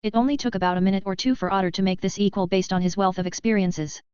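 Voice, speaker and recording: A woman's voice: mid-range voice, quick pace, darkish tone, clean tone, no room sound, muffled recording. A woman giving a scripted novel narration, reading evenly and steadily. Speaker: audiobook narrator.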